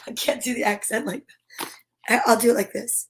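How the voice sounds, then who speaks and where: High-pitched lady reading a kids' picture book aloud, bubbly and chatty, talks right to the little ones. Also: steady tone, moderate pace, a little mellow. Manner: bubbly and chatty, talks straight to young listeners. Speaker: children's storytime host.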